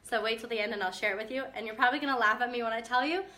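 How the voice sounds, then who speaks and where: A young woman with a bright, higher voice talks to camera in a chatty, upbeat way. She is a mom vlogger with a slight chest cough, coaching her viewers directly. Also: racing. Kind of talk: casual motivational talk to camera.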